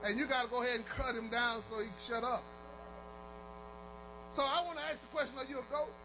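A man preaching a sermon with call and response, shouting and half-singing at the peaks, telling folksy stories in plain, colloquial talk. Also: extremely high pitch, steady tone, brisk, noisy background.

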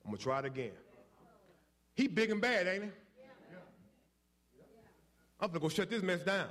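Brief: male preacher, high voice with a wide swing, folksy call-and-response delivery. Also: big pitch swings, moderate pace, long pauses, fairly bright tone. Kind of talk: sermon.

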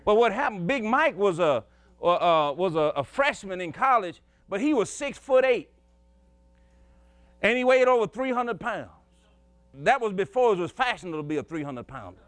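A man's voice: high voice, expressive, normal speed, a bit bright, no echo. A male preacher telling a folksy story in a sermon, chuckling and emphatic as he goes.

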